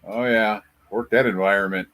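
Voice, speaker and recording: A man's voice: fairly low pitch, steady tone, normal speed, a bit bright. A man listening along in casual chat and agreeing with short remarks.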